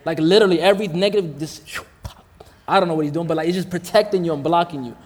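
A man's voice: a little high, quick pace, darkish tone. Slangy preacher man in a reverberant hall. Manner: casual, slangy preaching with call-outs to the crowd. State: hot and sweating. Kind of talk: sermon.

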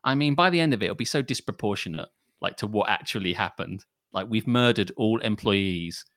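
A man's voice: on the low side, fairly quick, no room sound, clean studio sound. A man co-hosting a casual chat show, ranting with lots of swearing. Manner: ranting, profane, animated. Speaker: podcast co-host.

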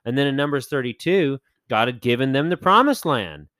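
A man's voice: mid-range voice, expressive, brisk, a bit bright, no room sound. A man hosting a podcast, casually talking through Bible stories and acting out the characters in playful voices, with plenty of fillers and self-corrections. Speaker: podcast host.

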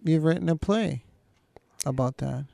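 A man's voice: a little high, measured pace, creaky. A man hosting an interview, speaking in a hesitant, conversational way with many fillers. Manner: warm hesitant phrasing with fillers like "you know". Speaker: interviewer host.

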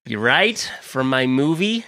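A man doing an impression of a brash, self-absorbed male movie star, drawn-out and bumbling, in a comedy podcast sketch. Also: mid-range voice, bright, forceful tone, no room sound, studio quality, heavily acted. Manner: boastful, bumbling, drawn-out delivery.

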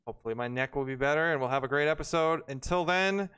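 A man's voice: on the high side, fast, a bit bright, clean tone. A man hosting a live-streamed show, chatting casually and laughing often. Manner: laid-back, laughing often. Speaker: podcast host.

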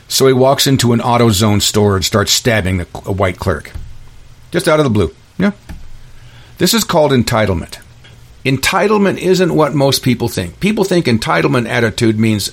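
A man's voice: mid-range voice, normal speed, vocal fry. A man hosting a solo podcast, delivering an angry ranting monologue full of restarts and repeated words. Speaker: podcast host.

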